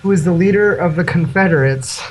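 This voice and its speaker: A man's voice: high-pitched, a little fast, a little hiss or hum, rough recording. A young man as a podcast guest in casual chat, giving brief matter-of-fact answers.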